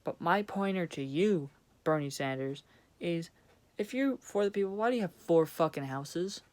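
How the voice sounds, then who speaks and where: Young male vlogger, angry blunt rant, clean smooth tone, heavy swearing. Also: on the high side, animated, moderate pace. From Vermont, USA. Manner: profane, blunt, sarcastic. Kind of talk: angry ranting monologue.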